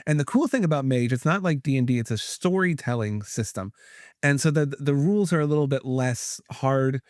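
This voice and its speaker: Man, podcast host, casual chat, rambling with fillers, mid-pitched, dry close mic. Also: expressive, fairly quick, a little mellow, no room sound. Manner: rambling, restarts, many fillers. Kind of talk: casual chat about tabletop gaming.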